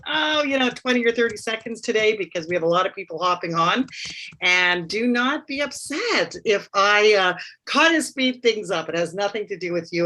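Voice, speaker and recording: A woman hosting an online networking meeting over a video call, upbeat and brisk as she calls on each guest. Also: mid-range voice, pushed and bright. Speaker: host.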